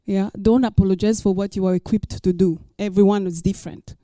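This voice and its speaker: A woman's voice: mid-range voice, fairly even intonation, brisk, dark tone, no room sound, studio quality. A woman pastor preaching a sermon, emphatic and repeating her key lines for the listeners.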